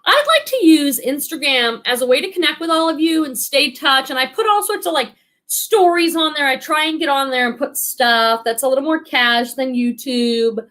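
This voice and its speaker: A woman's voice: sits high, animated, normal speed, fairly bright tone. A woman, an online reseller, hosting a casual live stream, chatting and reading viewer comments in a bubbly way, with lots of "like" and laughter. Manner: chatty, bubbly, many likes and ums, laughs often.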